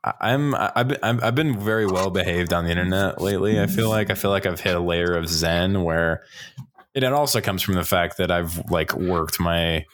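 A man's voice: sits low, normal speed. A man on a casual podcast panel, chatting in a rambling, self-interrupting way and laughing often. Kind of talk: casual chat.

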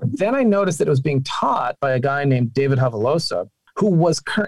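A man telling his career story as an interview guest, animated and chatty, his voice jumping up when he quotes people. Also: no room sound. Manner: animated, with sudden pitch jumps. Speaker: guest, game sound designer and singer.

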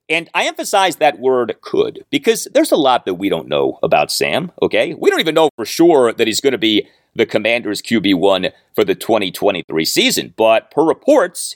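A man's voice: on the low side, no room sound, studio quality. A man hosting a solo sports podcast, laying out detailed stats and analysis, often starting sentences with "uh". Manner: detailed, stat-heavy analysis with frequent "uh" openers. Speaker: podcast host.

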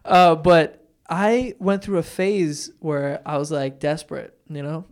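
A young man hosting a podcast, telling profane, animated stories in casual chat. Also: a little high, a little slow. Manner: loose storytelling, profane, animated retellings. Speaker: podcast host.

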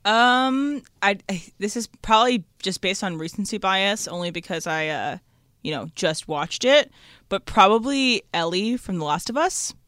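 A woman's voice: medium pitch, expressive, normal speed, a bit bright, no room sound, studio quality. A woman regular on a sports radio show, answering a listener question in a thoughtful, hesitant way with fillers. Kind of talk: casual chat. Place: radio studio.

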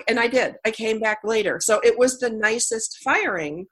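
A woman's voice: on the high side, expressive, normal speed, few pauses, a bit bright, breathy edge. A woman hosting a coaching talk show, telling personal stories candidly with lots of "you know" fillers. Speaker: podcast host and coach. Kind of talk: conversational interview.

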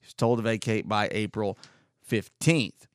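A man's voice: on the low side, steady tone, moderate pace, dry recording, clean studio sound. A man in his forties from the United States, rambling wryly and sarcastically through a casual solo monologue as a podcast host.

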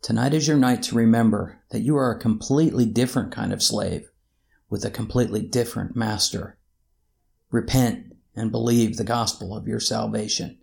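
A man's voice: fairly low pitch, steady tone, normal speed, vocal fry, darkish tone. A man preaching a reflective sermon and asking his listeners rhetorical questions.

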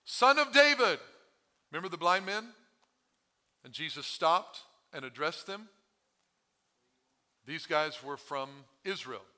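A man's voice: on the high side, slow, pauses often, pushed and bright. A male pastor preaching a sermon, his voice strained from overuse, talking with the congregation and asking them questions. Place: church sanctuary.

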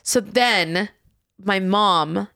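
A woman's voice: mid-range voice, very slow, creaky, bright, forceful tone, no room sound, studio quality. A young adult woman chatting casually with her sisters, telling a story full of filler likes. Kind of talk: casual chat.

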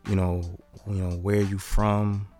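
A man hosting a podcast in a studio, talking loosely and joking, and rattling off plugs quickly. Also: fairly low pitch, little pitch movement, warm tone, faint music behind. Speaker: podcast host. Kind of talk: casual podcast chat. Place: recording studio.

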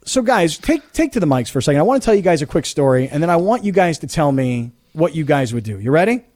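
A middle-aged man hosting sports talk radio, telling a story in an animated, indignant way. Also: on the high side, fast. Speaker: radio host.

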